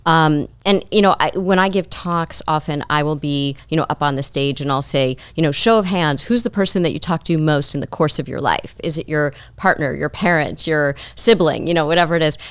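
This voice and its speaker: Low-voiced woman therapist, dry and close. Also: brisk, hardly any pauses, clean tone, dry recording. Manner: thoughtful, explains through client stories. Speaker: psychotherapist guest. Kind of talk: conversational advice.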